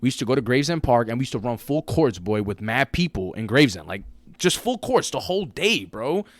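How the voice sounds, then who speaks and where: A man's voice: mid-range voice, fairly quick, dry recording. A man, co-hosting a podcast in casual chat, telling stories with lots of slang and acting out his friends' voices. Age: 20s. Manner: animated storyteller, slangy, acts out friends' voices. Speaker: podcast co-host.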